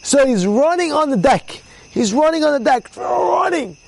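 A man teaching an informal Torah class as a rabbi, telling stories with lots of repetition and acting out the people in them loudly. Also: very high voice, moderate pace, creaky, poor audio. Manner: animated storyteller, repeats words, acts out quotes loudly.

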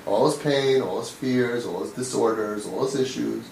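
A man's voice: medium pitch, normal speed, creaky, darkish tone. Guy teaching torah, lots of rhetorical questions, acts out little scenes, kinda far from the mic. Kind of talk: Torah lecture to a listener. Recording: echoey room, voice from a distance, faint noise.

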